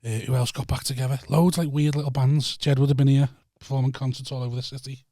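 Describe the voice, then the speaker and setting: A man's voice: medium pitch, level tone, fast, mellow, no echo. A man trading blunt, sardonic banter as a podcast co-host. His voice sits in an ordinary middle register and sounds close and dry, with no room around it. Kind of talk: casual chat.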